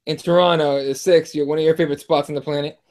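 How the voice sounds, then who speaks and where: Male host, high voice, relaxed storyteller, reads chat comments. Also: quick pace. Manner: storytelling, laid-back, reads viewer comments. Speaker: podcast host. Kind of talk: casual fight talk.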